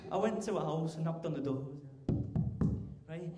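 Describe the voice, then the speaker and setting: A teenage man doing a stand-up comedy routine, chatty, tagging lines with "right?" and getting loud when acting out scenes. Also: on the high side, slow pace, over music. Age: teens. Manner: chatty, keeps asking "right?", bursts loud for acted bits. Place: large comedy club stage. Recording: echoey live club room.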